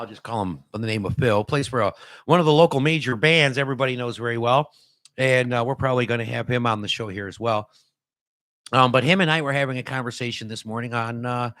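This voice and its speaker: A Detroit-born man in his fifties, raised there too, hosts a casual opinion talk show, rambling in a folksy style full of "you know" and restarts. His voice is medium-pitched with a fairly bright tone, and there's no echo.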